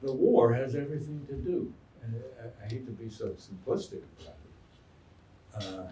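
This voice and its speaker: A man, a historian and biographer, answering audience questions in an animated, storytelling way and acting out quotes. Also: medium pitch, normal speed. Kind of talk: lecture Q&A answer. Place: lecture hall. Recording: echoey room, mic far off.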